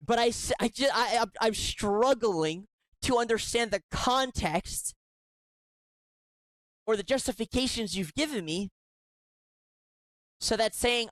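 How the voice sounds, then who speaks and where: This commentary host is sarcastic and indignant, reacting to emails as they read them out. The delivery is unhurried, with long pauses, in a middling pitch that often trips and starts sentences over. It's a dry, close recording with no trace of room sound.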